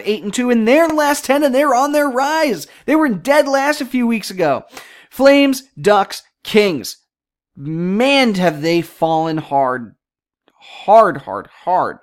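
A casual sports show host who runs through team standings in quick, rattled-off lists. The host keeps breaking off into joking tangents and chatty asides to the listener. The voice sits at an ordinary middle pitch. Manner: chatty and jokey, wanders into asides; reads out standings and numbers in rapid lists.

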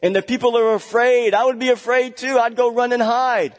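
A man's voice: extremely high pitch, flat delivery, brisk, big-room sound. A man preaching a sermon as a pastor, emphatic and repeating key words for stress, with chatty asides. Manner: chatty asides with small laughs.

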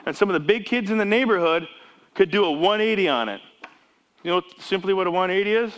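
A man's voice: sits high, animated, fast talker, a bit bright, clear, resonant tone. A man in his fifties or older preaching a casual sermon, telling Bible stories with many restarts and acting out the dialogue. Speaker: pastor.

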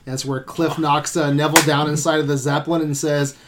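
A man talking about films with friends in a loose, profane way, laughing often. His voice sits a bit high for a man. He rattles through points in quick bursts. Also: flat delivery, noisy background. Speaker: podcast co-host. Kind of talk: casual movie review chat.

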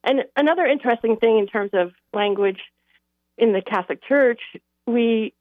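A woman's voice: fairly high pitch, moderate pace, dry recording. Woman rambling thoughtfully over a phone line. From Midwest. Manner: thoughtful, rambling with many fillers. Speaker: caller. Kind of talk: call-in radio chat. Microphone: telephone.

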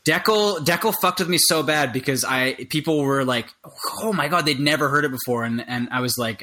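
Bright-voiced Western Canadian man, excitable. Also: medium pitch, fairly quick, hardly any pauses. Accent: Western Canadian English. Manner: excitable, swears freely, restarts. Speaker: podcast co-host. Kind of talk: casual chat.

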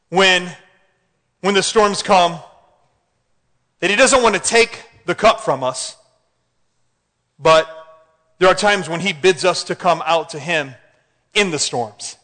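A man preaching a sermon in an animated way, often asking the congregation questions. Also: high voice. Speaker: pastor. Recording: hall reverb.

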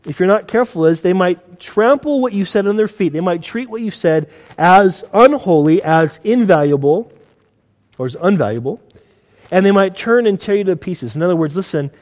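An American pastor from the United States preaches a sermon conversationally, using rhetorical questions and repeated words. His voice sits high and is a little mellow, heard in a large hall.

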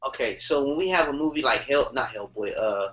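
A man's voice: mid-range voice, a little fast, slight background noise. A man co-hosting a casual chat, telling stories with swearing and laughter. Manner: animated, laughing, swearing storyteller. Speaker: podcast co-host. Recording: dull lo-fi recording.

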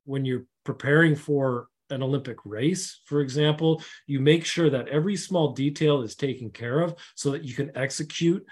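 A man's voice: mid-range voice, moderate pace, few pauses. Earnest man telling a work story. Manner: earnest, with frequent restarts and fillers. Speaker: guest, safety consultant. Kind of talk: casual storytelling in a conversation.

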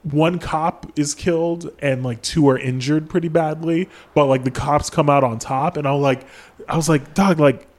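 Slightly high in pitch with fairly even intonation, this young podcast host talks at a normal speed in a darkish tone. He chats casually and profanely, leaning heavily on "like."

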